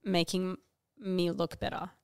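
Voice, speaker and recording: A woman's voice: lowish voice, level tone, unhurried, darkish tone, clear, resonant tone, no echo, clean studio sound. A young woman co-hosting a podcast in a casual chat, rambling frankly and swearing freely. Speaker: podcast co-host.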